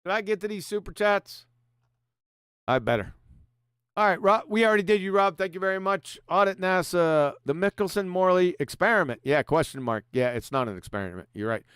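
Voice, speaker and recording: A man's voice: high-pitched, lively intonation, a little fast, a bit bright, clear, resonant tone, no room sound, studio quality. A man hosting a livestream, mocking his opponent with profanity and reading super chats aloud with frequent laughs. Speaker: livestream host.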